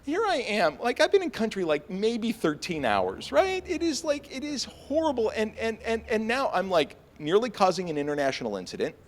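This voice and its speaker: An American man telling a story on stage before a live audience, animated and self-mocking, full of fillers and restarts. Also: high voice, moderate pace, hardly any pauses. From United States.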